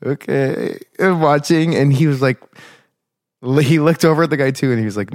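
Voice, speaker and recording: A man in his twenties, a podcast co-host, telling animated stories in casual chat, full of "like" and swearing. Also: medium pitch, normal speed, no room sound, clean studio sound. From Midwest of the United States. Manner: animated storyteller, lots of "like", swearing, laughing.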